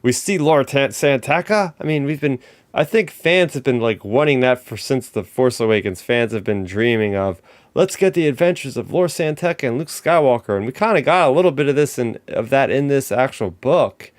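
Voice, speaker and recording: A man with a medium-pitched voice hosts a podcast, talking at a moderate pace in a dry recording. It's casual chat driven by fan excitement, packed with fillers, restarts, and "like."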